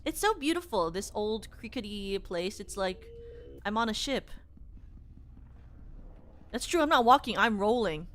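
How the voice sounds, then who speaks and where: A woman's voice: mid-range voice, measured pace, long pauses. A young woman streaming a horror game, chatting to herself in a self-mocking, rambling way. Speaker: gaming streamer. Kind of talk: casual let's-play chat.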